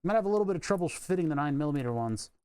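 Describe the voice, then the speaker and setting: A male streamer talks through a project in his home workshop, rambling and chuckling at his own asides. His voice sits a little higher than most men's. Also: lively intonation, rapid-fire, mellow, clean tone. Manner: rambling, self-amused, chuckles often. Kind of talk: casual live-stream chat while working.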